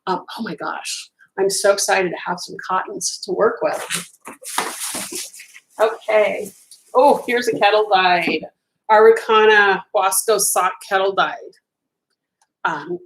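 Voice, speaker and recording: Chatty woman crochet host, slightly hoarse. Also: medium pitch, poor audio. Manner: chatty, enthusiastic, admiring, talks to viewers by name. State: losing her voice, clearing her throat. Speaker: crochet designer hosting a live stream. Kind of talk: casual live-stream chat.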